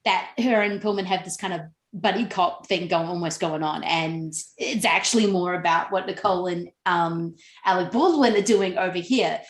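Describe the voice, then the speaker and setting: A woman's voice: fairly low pitch, normal speed, few pauses, echoey room. A woman hosting a podcast, chatting about films in a bubbly, laughing way. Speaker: podcast host. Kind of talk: casual podcast chat.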